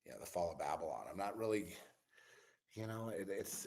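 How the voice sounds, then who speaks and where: A man hosting his own channel, delivering a rambling spiritual and political monologue with a weary, exasperated tone, drifting at times into low mutters and whispers. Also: animated, moderate pace, gravelly, a little mellow, breathy edge. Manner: meandering, musing, drops into low mutters and whispers. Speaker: channel host.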